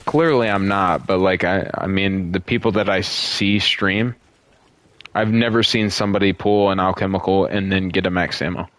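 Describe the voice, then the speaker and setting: A man's voice: low voice, steady tone, moderate pace, a bit bright, dry recording. A young man streaming a zombie shooter and chatting casually with a friend, rambling, swearing freely and laughing often. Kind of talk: casual gaming chat.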